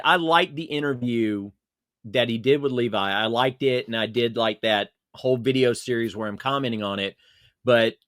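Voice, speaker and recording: A man's voice: mid-range voice, fairly bright tone, no echo. Rambling man on a dry call. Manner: rambling, many fillers and restarts. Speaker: podcast guest. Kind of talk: casual video-call chat.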